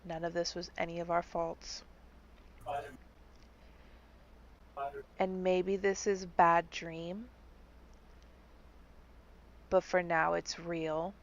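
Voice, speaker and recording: A grieving female bard in a tabletop game, speaking hushed and slow with a gravelly edge, as a woman plays her. The sound is slightly muffled. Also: lowish voice, little pitch movement. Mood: tender. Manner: quiet, tender, slow. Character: gentle grieving female bard comforting a friend.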